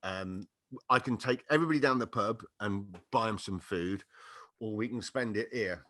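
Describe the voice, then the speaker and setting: A man's voice: lowish voice, normal speed. A middle-aged man telling a funny story on a podcast, laughing and acting out quotes. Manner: animated anecdote-telling with laughter and acted-out quotes. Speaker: podcast guest. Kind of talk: casual storytelling chat.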